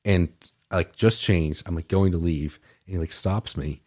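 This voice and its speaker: A man's voice: deep voice, normal speed, darkish tone. A young man, a guest on a podcast, telling stories casually, peppered with "like" and laughing mid-sentence. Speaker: podcast guest, dating coach. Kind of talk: casual chat.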